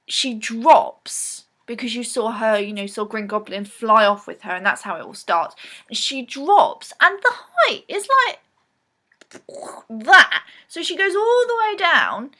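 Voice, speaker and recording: A woman's voice: a little high, animated, measured pace, pushed and bright. A woman talking casually to camera in a rambling film recap vlog, full of ums and restarts. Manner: rambling, chatty, lots of ums. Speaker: vlogger.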